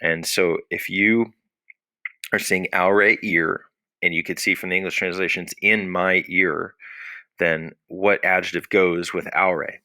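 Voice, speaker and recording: A man's voice: low-pitched, steady tone, unhurried, sharp tone, no room sound. A man teaching a recorded Latin lesson, explaining patiently and asking questions that he answers himself.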